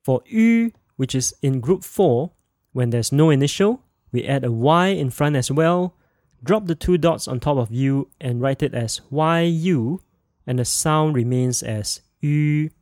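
A man hosting a podcast language lesson, modeling sounds slowly and clearly for listeners to repeat. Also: on the high side, expressive, a little mellow, no room sound, clean studio sound. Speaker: language teacher and podcast host.

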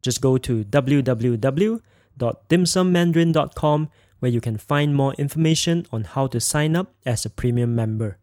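Guy teaching a podcast lesson, slow clear demo voice, super dry recording. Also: medium pitch, a little mellow, no echo. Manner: slow, clear demonstrating of tones. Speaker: language teacher.

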